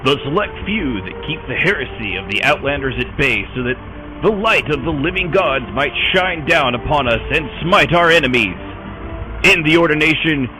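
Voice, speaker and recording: A rousing, solemn recruitment announcer, as a man puts him on for a mock radio commercial. The voice swoops up and down with a bright, forceful edge as he delivers a grand sales pitch. Soft music plays under him. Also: poor audio.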